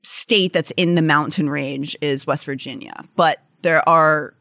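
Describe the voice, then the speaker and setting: A woman's voice: deep voice, steady tone, unhurried, a bit bright, dry recording, studio quality. A young adult woman with a Pittsburgh accent, co-hosting a podcast in a casual, chatty way, full of "like" and restarts as she reads out facts. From Pittsburgh area, United States. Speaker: podcast co-host. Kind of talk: casual chat mixed with read-out facts.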